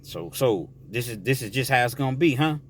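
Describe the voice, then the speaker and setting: A man's voice: medium pitch, lively intonation, brisk, a little hiss or hum, lightly acted. Man doing a jealous, threatening inmate. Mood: angry. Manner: heated, menacing.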